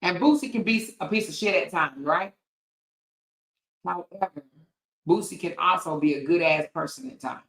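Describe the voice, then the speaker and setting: A woman's voice: fairly low pitch, normal speed, pauses often, a bit bright, roomy sound, low-quality recording. A woman hosting her own show, delivering a heated commentary rant with blunt, profane language and repeated points for emphasis. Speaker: commentary host.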